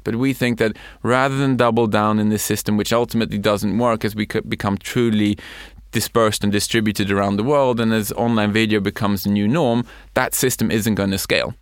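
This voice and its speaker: A middle-aged man from Sweden, a company head who explains his points in measured, listed steps in a conversational interview. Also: lowish voice, fairly even intonation, smooth, dry recording, studio quality. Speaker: company CEO and co-founder, guest.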